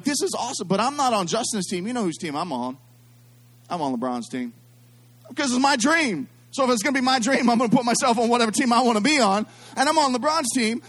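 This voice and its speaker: Middle-aged male preacher with a high-pitched voice, animated and repetitive, drawing the congregation into call-and-response. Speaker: pastor. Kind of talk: sermon.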